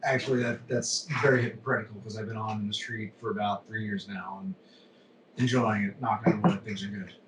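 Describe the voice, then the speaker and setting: A man's voice: lowish voice, very noisy. Candid man on a distant, roomy mic. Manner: candid and animated, quick to laugh at his own mistakes. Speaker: podcast guest. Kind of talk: casual podcast chat.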